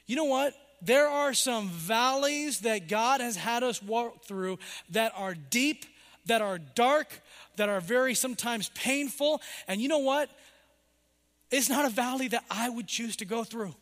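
A middle-aged man preaching a sermon, rising for emphasis and then dropping low and soft. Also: measured pace, in a large hall. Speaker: pastor.

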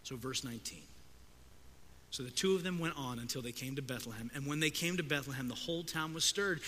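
A man preaching a sermon, expressive and emphatic, voicing the characters he quotes. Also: medium pitch, a little fast, a little hiss or hum. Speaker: pastor. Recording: long hall reverb.

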